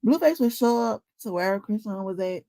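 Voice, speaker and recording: Commentator woman, slangy and direct, with a fry-heavy voice in a dry, close recording. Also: mid-range voice, animated, a little fast, warm tone, dry recording, poor audio. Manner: conversational, slangy, talks straight to viewers. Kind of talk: casual commentary.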